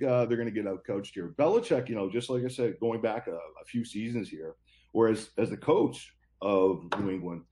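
A man's voice: on the low side, warm tone. A man giving sports betting picks as a guest, rambling and confident, often repeating himself. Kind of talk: casual podcast chat.

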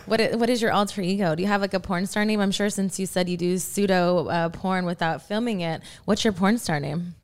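A woman's voice: a little fast, few pauses, smooth. Sultry-voiced teasing woman host. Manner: playful, teasing, low sultry delivery. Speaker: podcast host. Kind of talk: casual interview chat.

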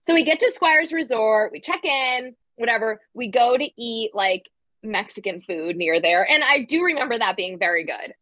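A woman telling a story in casual podcast chat, animated and full of "like" fillers, acting out the quotes. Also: on the high side, moderate pace, dry recording. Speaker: guest storyteller.

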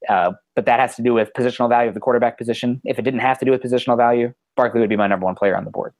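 A man with a mid-range voice is a guest draft analyst on a podcast. He talks quickly and with confidence, dropping in the occasional filler. The recording is dry. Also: mid-range voice, fairly even intonation, darkish tone, dry recording. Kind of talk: casual sports podcast chat.

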